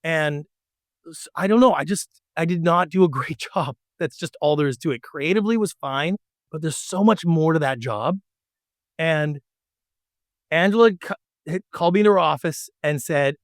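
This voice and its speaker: Animated middle-aged man, dry sound. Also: fairly high pitch, normal speed, dry recording. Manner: animated, acts out quoted dialogue. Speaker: podcast guest. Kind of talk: storytelling in an interview.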